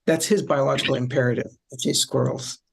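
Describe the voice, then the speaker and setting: A man's voice: mid-range voice, fairly even intonation, fairly quick, gravelly, slightly rough. A middle-aged man, a psychologist on a discussion panel, explaining in a reflective, conversational way with frequent ums and repeated phrases.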